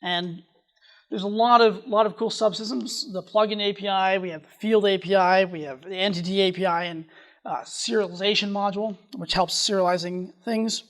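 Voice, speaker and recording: A speaker at a developer conference explains a software topic at a quick clip. The speech keeps doubling back and restarting mid-sentence. The voice sits at an ordinary middle pitch. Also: fairly even intonation. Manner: talks fast, restarts sentences often. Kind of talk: technical conference presentation.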